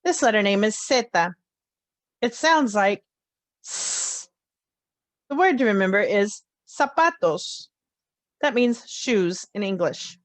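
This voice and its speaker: Slow, careful woman teaching letter sounds. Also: medium pitch, lively intonation, no echo. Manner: clear, deliberate enunciation of letter sounds. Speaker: Spanish teacher. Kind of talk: slow, careful phonics lesson.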